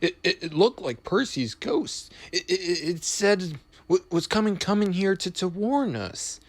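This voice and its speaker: A man's voice: high voice, very animated, moderate pace, husky, no echo, voice pushed up, full character voice. A man voicing a timid old male tram engine who speaks in a shaky, stammering voice. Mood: frightened.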